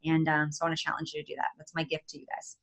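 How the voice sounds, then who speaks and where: A woman giving an energetic, chatty motivational talk as a guest on a video call, with many fillers. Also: sits low, racing. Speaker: guest speaker.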